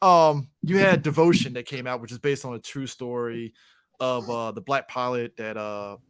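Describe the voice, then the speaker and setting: A man's voice: mid-range voice, steady tone, moderate pace, a bit bright, clean tone. A man co-hosting a podcast, chatting casually and running through movie picks. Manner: chatty, recommending movies, laughing often. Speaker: podcast co-host. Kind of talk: casual chat.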